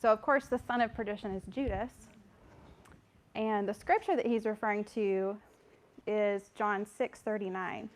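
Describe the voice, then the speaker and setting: A woman's voice: mid-range voice, moderate pace. A woman teaching a Bible study and reading scripture aloud, earnest and conversational, a little out of breath at the mic. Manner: earnest, conversational, apologetic asides. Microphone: microphone.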